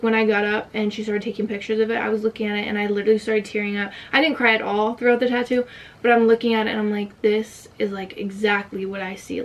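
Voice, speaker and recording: A young woman vlogger tells a personal story in a medium-pitched voice, recorded from a distance. She's emotional, her throat tight as she fights back tears, and she uses "like" a lot.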